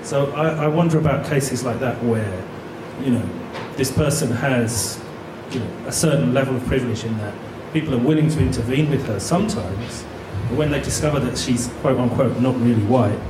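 A man's voice: medium pitch, moderate pace, hardly any pauses, noisy background. A man in the audience at a lecture, telling a story in a hesitant way with many restarts. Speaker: audience member. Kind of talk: asking a question. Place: lecture hall. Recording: echoey hall, mic from far off.

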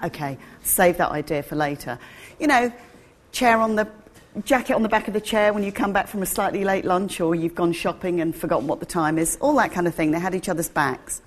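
Chatty woman with a low voice. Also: a little fast. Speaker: co-host. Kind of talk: casual talk.

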